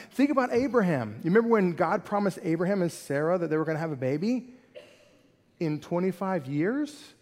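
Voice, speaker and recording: High-voiced animated preacher in a reverberant hall. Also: male voice. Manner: animated, conversational preaching with rhetorical questions. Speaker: pastor. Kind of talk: sermon.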